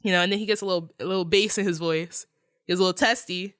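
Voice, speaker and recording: Podcast guest, woman, mid-pitched, dry close sound, animated and loose-tongued. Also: racing, clear, resonant tone, dry recording. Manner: animated retelling, swears freely. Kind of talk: casual movie discussion.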